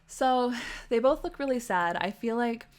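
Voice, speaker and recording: A woman's voice: fairly high pitch, expressive, normal speed, clean tone. Chatty woman rambling through a game stream. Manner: chatty, rambling, lots of "like" fillers. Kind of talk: casual livestream gameplay commentary.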